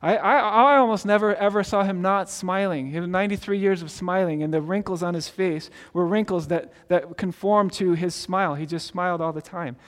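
A man with a high voice preaches a sermon in a loose, conversational way. He keeps checking in with "right?" and trips over his first words. A long reverb hangs on his voice. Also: a little fast, few pauses. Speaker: pastor.

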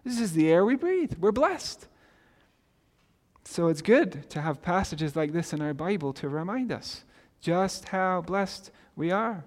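A man's voice: sits high, very animated, unhurried, a little mellow, big-room sound. A male pastor preaching a sermon in a conversational way, often asking "right?" and restarting words.

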